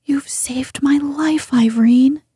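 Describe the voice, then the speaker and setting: A plucky, practical miner boy, whispered by a woman reading a storybook, breathy and low in whispered role-play. He talks in a matter-of-fact way, mellow and slow. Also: no room sound, clean studio sound, heavily acted. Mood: hushed, practical.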